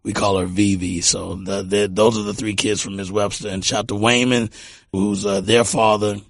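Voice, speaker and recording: The speaker is a Texas music producer in middle age, rambling through warm anecdotes during a casual interview and frequently repeating himself. His voice is lowish, level and creaky, moving at normal speed with no room sound.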